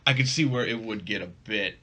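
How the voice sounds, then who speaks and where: A man co-hosting a casual podcast chat, animated and quick to laugh. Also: lowish voice. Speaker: podcast co-host.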